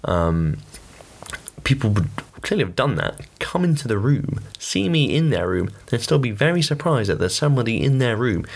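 A young man hosts his podcast alone, talking in a loose, rambling way with plenty of fillers. His voice sits low and has a gravelly edge. His pitch swings widely as he tells stories and gets worked up. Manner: rambling and chatty, full of fillers and blunt swearing. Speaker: podcast host. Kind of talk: casual solo podcast monologue.

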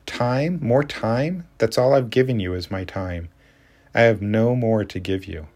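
Reading an audiobook, a man takes on the part of a worn-out, plain-spoken woman in her thirties who forces her words out in exasperation. The delivery is bitter, at a moderate pace, in a deep, natural voice held a little raised, more even storytelling than real acting.

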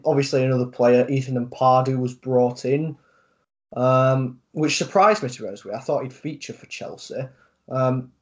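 A man chats about football on a podcast, his voice sitting at an ordinary middle pitch. He talks in a measured, hesitant way, often pausing on fillers as he weighs his opinions. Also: darkish tone. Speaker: podcast co-host. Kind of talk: casual football chat.

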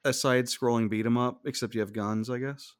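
A man's voice: mid-range voice, fairly even intonation, fairly quick, no echo. A man hosting a casual podcast chat, rambling with many fillers and frequent laughs. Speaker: podcast host.

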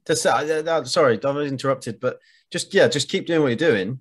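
A man's voice: mid-range voice, brisk. A man hosting a podcast, talking in an enthusiastic, encouraging way. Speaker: podcast host. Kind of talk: casual conversation.

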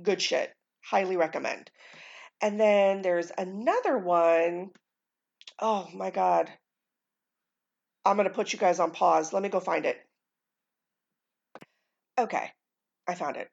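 A woman's voice: lowish voice, slow, gravelly, long pauses, darkish tone, dull audio. An American woman hosting a casual solo podcast, rambling through her thoughts with lots of ums and casual swearing. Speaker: podcast host.

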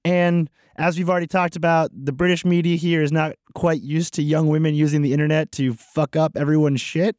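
A man's voice: a little high, level tone, fairly quick, hardly any pauses, darkish tone, dry recording, clean studio sound. A man co-hosting a podcast, telling stories about himself in a wry, self-mocking way. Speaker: podcast co-host. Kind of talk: casual podcast chat.

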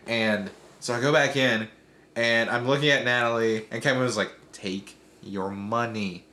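Young male bartender, casual storyteller, mid pitch, reverberant room. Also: normal speed. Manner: animated storyteller, acts out quoted voices. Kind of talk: casual chat.

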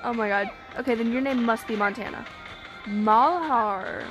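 A woman giving casual let's-play commentary, excitable and chatty, swearing and joking at the game's characters. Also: fairly high pitch, moderate pace, poor audio. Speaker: gaming streamer. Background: game music.

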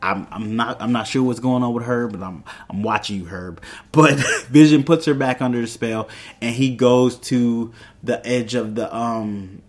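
A man talking through a TV episode in a relaxed, rambling way. He keeps correcting himself and slips in quick quoted lines for the characters. His voice sits at an ordinary middle pitch. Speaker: TV show reviewer. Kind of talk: casual episode recap.

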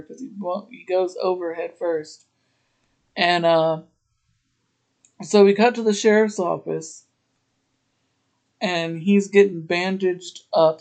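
A podcast host retelling a TV episode in a casual, meandering way, stopping for chatty asides. The delivery is slow and unhurried, with a voice in the middle of the range. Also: mid-range voice, darkish tone.

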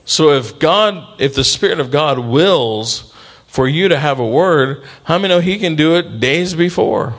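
With a voice a bit higher than most men's, this pastor gives an unhurried, conversational sermon. He often asks the congregation to respond, call-and-response style, and plays the characters in his stories.

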